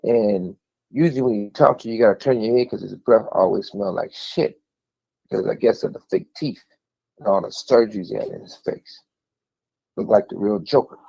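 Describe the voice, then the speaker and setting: A low-pitched man with a gravelly, husky voice tells a story bluntly and with plenty of profanity. The sound is dull and lo-fi, and his words wander as he talks. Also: normal speed, mellow. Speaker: interviewee speaking from prison. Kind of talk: storytelling recollection.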